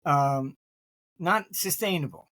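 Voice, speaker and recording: Throat-clearing man telling rambling stories. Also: fairly high pitch, animated, slow pace, fairly bright tone, dry recording. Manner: rambling storyteller, often clears his throat; restarts sentences, many fillers. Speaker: interview guest, market forecaster. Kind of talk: anecdotal conversational interview.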